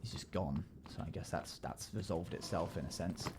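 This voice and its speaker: A man streaming a game live, chatting casually and jokily with sudden loud playful yells. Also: low-pitched, normal speed, vocal fry, noisy background. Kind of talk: casual live-stream chat while gaming.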